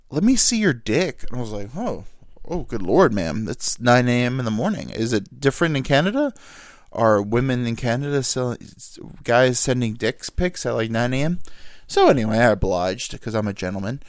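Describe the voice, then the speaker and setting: A man's voice: medium pitch, no echo, studio quality. A young man telling crude, self-deprecating stories alone in a rambling, joking way as a podcast host. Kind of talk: solo comedic storytelling. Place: alone in a small dry room.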